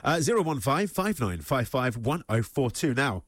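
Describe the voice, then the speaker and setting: Male morning radio co-host, halting good-humoured delivery, dry studio mic. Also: medium pitch, sing-song, fairly bright tone, no room sound. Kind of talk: casual radio banter. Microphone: studio microphone.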